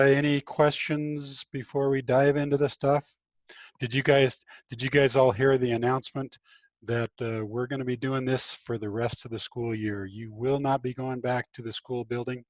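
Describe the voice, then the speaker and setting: A middle-aged man teaching a high school physics class online from home, relaxed and chatty with frequent fillers. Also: no room sound. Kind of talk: casual online class lecture.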